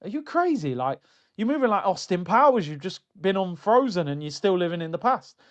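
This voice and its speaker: Animated man on a fan stream. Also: brisk, dull audio. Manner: animated, mocking, jumps into high exclaims. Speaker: football fan channel host reading viewer comments. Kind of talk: casual live-stream rant.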